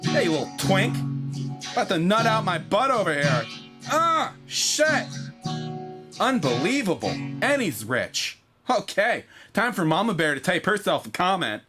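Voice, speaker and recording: A man's voice: very animated, unhurried, over music. A man doing a crude, boastful young woman character. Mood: giddy. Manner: crude, boastful, shrill and mocking. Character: brash crude young woman hunting boyfriends online. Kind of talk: comedy sketch character.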